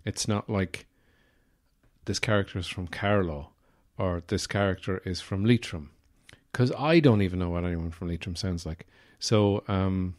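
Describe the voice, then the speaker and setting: Irish male podcast host, lowish voice, casual rambling delivery, filler-heavy, dry self-mocking humor. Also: a little mellow. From Ireland. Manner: rambling and digressive, many "uh" fillers; wry, self-deprecating humor. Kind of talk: casual solo podcast talk.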